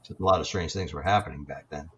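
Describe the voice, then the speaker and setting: A man in his sixties, a paranormal investigator, telling his experiences in a halting, reflective way with many fillers and restarts. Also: a bass voice, fairly bright tone, lo-fi sound. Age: 60s. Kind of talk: storytelling in an interview.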